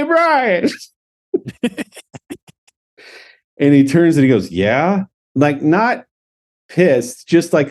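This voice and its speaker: A man's voice: medium pitch, gravelly. Laughing male podcast host telling stories. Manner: animated, laughs often, acts out dialogue. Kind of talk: casual storytelling chat.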